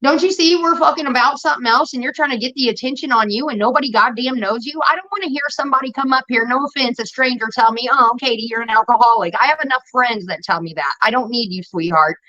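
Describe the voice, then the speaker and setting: A woman's voice: high voice, quick pace, few pauses, bright, forceful tone, highs cut off. A woman livestreamer talking casually to her chat, blunt and profane, snapping back at commenters.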